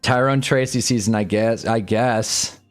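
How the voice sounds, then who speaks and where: A man's voice: medium pitch, unhurried, soft background music. A man giving frustrated, profane commentary while watching a game live on a stream. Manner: swears a lot, frustrated fan reactions.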